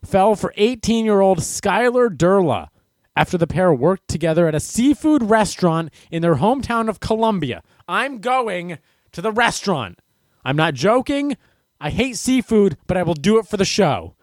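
A man hosts a comedic news commentary, ranting and sarcastic as he works himself up. His pitch swings widely with lively animation. The recording is dry and close, with no room sound. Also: moderate pace, no room sound. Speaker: host of a news commentary show.

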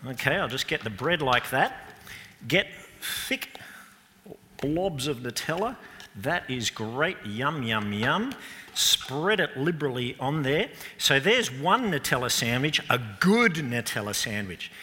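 A man's voice: medium pitch, big pitch swings, a little slow, bright, forceful tone, slight background noise. A man giving a playful children's talk at church, chatty and jokey, asking the audience questions. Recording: echoey church hall.

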